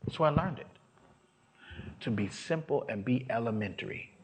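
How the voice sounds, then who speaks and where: In this sermon testimony, a man with a medium-pitched, expressive voice speaks at a moderate pace over a slight hiss or hum. He recounts a personal story, voicing its characters and building up to shouts.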